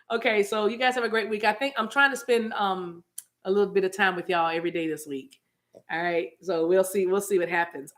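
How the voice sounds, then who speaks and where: A woman's voice: medium pitch, sharp tone. A woman hosting a spiritual livestream, chatting casually and playfully with viewers, laughing often and greeting them by name.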